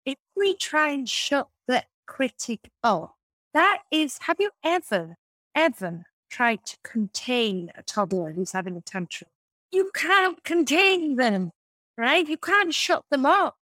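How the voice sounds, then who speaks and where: A woman's voice: high voice, big pitch swings, slow pace, sharp tone, no room sound, low-quality recording. A woman answering as a guest coach in an interview, emphatic and repeating her key phrases.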